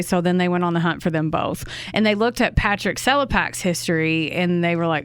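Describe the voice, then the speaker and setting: With a lowish, smooth, slightly bright voice at a moderate pace, a true crime podcast co-host tells a case story in an easygoing way, breaking off for outraged asides laced with profanity.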